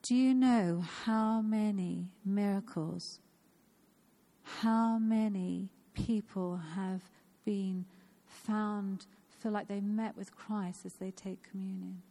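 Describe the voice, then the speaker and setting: A woman's voice: medium pitch, steady tone, takes it slowly, dark tone. Earnest woman in her fifties preaching. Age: 50s. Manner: earnest, personal, repeats phrases for emphasis. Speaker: church speaker. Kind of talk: informal sermon.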